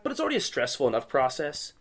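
Man guest, casual interview, loose rambling delivery full of fillers, mid-pitched. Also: wildly swooping pitch, racing, fairly bright tone. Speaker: guest, wrestler.

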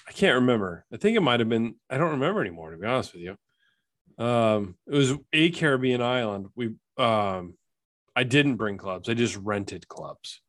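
A man's voice: medium pitch, expressive, moderate pace, fairly bright tone. A man co-hosting a casual chat, telling rambling stories and laughing often.

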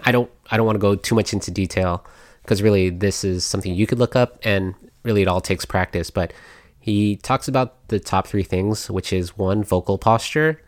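Deep-voiced chatty man hosting a podcast. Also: dry recording, clean studio sound. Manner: rambling, chatty, many fillers and laughs. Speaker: podcast host. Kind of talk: casual podcast monologue.

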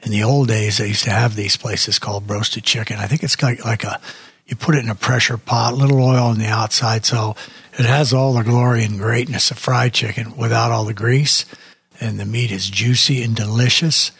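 Gravelly, raspy older man hosting a music show. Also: mid-range voice, steady tone, moderate pace, a bit bright, no room sound. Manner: rambling, chatty, wanders off on tangents. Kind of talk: casual radio show chat.

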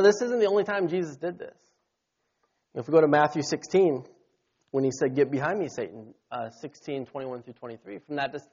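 A man preaching a sermon, punctuating his points with amens and rising to shouts when quoting scripture. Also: on the high side, highs cut off. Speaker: pastor.

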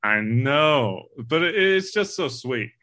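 A man's voice: mid-range voice, lively intonation, slow pace, sharp tone. A man co-hosting a casual movie discussion, talking in an earnest, rambling way and swearing casually. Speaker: podcast co-host.

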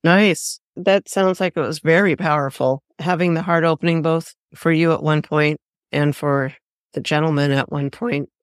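A woman's voice: deep voice, fairly even intonation, normal speed, no echo, clean studio sound. A podcast host, heard as a woman, asking questions and giving attentive, encouraging replies. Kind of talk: interview questions.

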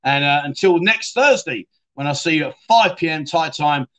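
A man's voice: a little high, expressive, normal speed, fairly bright tone. A middle-aged man casually hosting a livestream, reading out viewer comments and joking along. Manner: chatty, jokey, reads out viewer comments. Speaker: livestream host.

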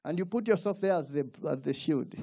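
A man's voice: on the high side, moderate pace, creaky, slightly rough. A man preaching a sermon, calling for responses from the congregation. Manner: animated call-and-response preaching with laughs. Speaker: pastor.

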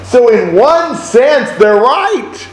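A man teaching a Bible study to a group, emphatic and animated, often asking rhetorical questions. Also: very high-pitched, drawn-out words. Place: room with a group of listeners. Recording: roomy echo, faint background noise.

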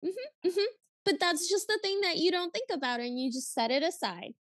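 A woman co-hosting a podcast in casual chat, animated and exasperated as she recaps something. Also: extremely high pitch, moderate pace, no echo. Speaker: podcast co-host.

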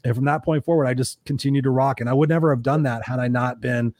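A middle-aged man hosting a show, telling stories in casual chat, animated and swearing freely as he acts out quotes. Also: medium pitch, fast talker, dry recording. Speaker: podcast host.

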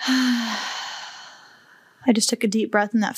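A woman hosting a solo podcast, talking slowly and candidly with open emotion and casual swearing. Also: fairly high pitch, steady tone, husky, no echo. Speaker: podcast host. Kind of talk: heartfelt solo podcast talk.

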